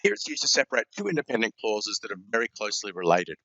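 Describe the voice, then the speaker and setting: A man's voice: fairly low pitch, very animated, quick pace, bright, forceful tone, no echo, muffled recording. A man teaching a grammar lesson, explaining punctuation with many ums and repeated words.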